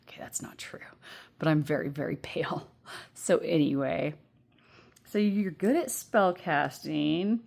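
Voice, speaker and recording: Low-voiced chatty woman reading tarot. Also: creaky, darkish tone. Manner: chatty, rambling, laughs often, many fillers. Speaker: tarot reader. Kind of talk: casual pick-a-card reading. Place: at home. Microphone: earbuds.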